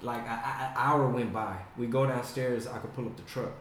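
A man chatting casually and telling stories, swearing often and animated. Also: medium pitch, fairly quick, a little hiss or hum. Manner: profane, animated storyteller. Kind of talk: casual chat. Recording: echoey room.

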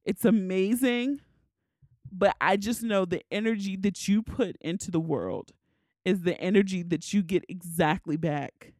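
A woman's voice: mid-range voice, unhurried, darkish tone, no room sound. Tearful woman hosting a solo podcast, candid and emotional, dry close mic. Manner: emotional, candid, swears casually. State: tearful, crying. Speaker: podcast host.

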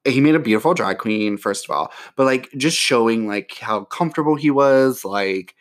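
A man's voice: medium pitch, expressive, normal speed. A man hosting a casual solo podcast from home, chatty and profane, with lots of fillers. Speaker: podcast host. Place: home near an airport.

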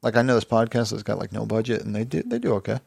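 A man's voice: on the low side, expressive, very fast, creaky, darkish tone, slightly rough, dry recording, clean studio sound. A man co-hosting a podcast in an easygoing casual chat, with lots of ums and uhs. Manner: easygoing, many fillers. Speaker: podcast co-host.

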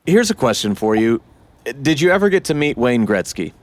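A man's voice: mid-range voice, sing-song, normal speed, dry recording. Laid-back guy hosting the interview, curious questions, mid voice, dry close sound. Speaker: podcast host. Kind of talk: casual interview.

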